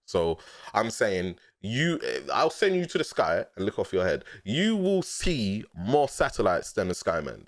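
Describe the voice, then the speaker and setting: Deep-voiced London man, lively and slangy. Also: no echo, clean studio sound. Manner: laid-back and slangy, laughing often, with sudden excited bursts. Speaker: rapper explaining his own lyrics. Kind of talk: casual reaction breakdown.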